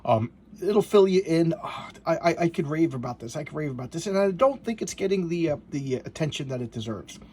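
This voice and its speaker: A man casually reviewing a comic book, rambling with excited asides and restarts as he pages through it. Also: a little high, brisk, slight background noise. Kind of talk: casual comic review, reading panels aloud.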